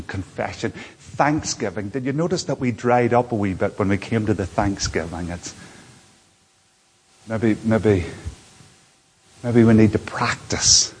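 A male preacher with a somewhat husky voice delivers a sermon from a church platform. He speaks earnestly, repeats his phrases, and swings between quiet asides and raised, emphatic lines. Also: on the low side, long reverb tail.

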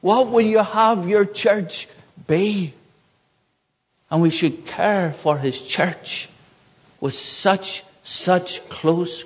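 A man's voice: a little high, slightly rough, in a large hall. A man preaching a sermon from the pulpit, earnest, rising in emphasis on key points. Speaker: pastor.

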